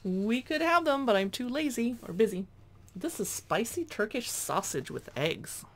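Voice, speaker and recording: A woman's voice: fairly high pitch, sing-song, normal speed. A woman chatting casually as she pages through a cookbook, reading dish names aloud with little asides. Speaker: cookbook reviewer.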